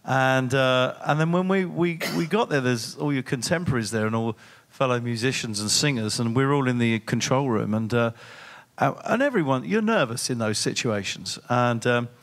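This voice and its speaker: A man's voice: mid-range voice, moderate pace. Older guy rambling through a memory, self-deprecating, normal mid voice. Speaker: guest singer. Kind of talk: reminiscing in an interview.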